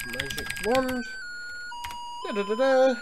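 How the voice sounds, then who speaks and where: A man streaming a retro computer game, chatting excitedly and reading the game's text aloud. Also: very high-pitched, slow pace, background noise. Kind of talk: casual gameplay commentary and reading game text.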